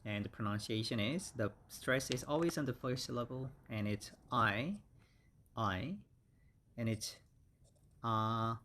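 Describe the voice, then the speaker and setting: A man teaching English vocabulary, speaking slowly and patiently and repeating each word several times; his first language is Korean. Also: mid-range voice, sharp tone, slight background noise. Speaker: English instructor. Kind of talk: slow vocabulary lesson with repeated words.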